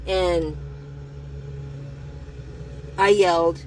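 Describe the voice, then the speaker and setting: A woman telling a personal story to the camera, in a candid and profane way, speaking slowly at first and then getting heated. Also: on the low side, fairly even intonation, slight background noise, low-quality recording. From United States.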